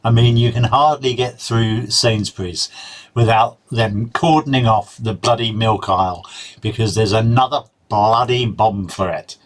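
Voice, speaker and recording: A man's voice: on the low side, a little slow. A man giving casual, sardonic commentary while reacting to a video. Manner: sardonic, mocking asides.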